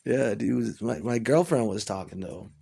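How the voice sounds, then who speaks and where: A man's voice: lowish voice, moderate pace, vocal fry, husky. Profane rambling male storyteller. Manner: profane, rambling, excitable when retelling. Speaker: musician. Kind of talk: casual storytelling monologue.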